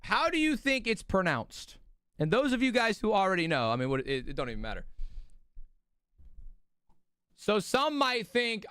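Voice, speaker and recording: A young streamer hosting a watch party speaks in a clear, resonant, high-sitting voice at a moderate pace, with no echo. He's drowsy and yawns, yet chats and rants profanely, telling lively stories.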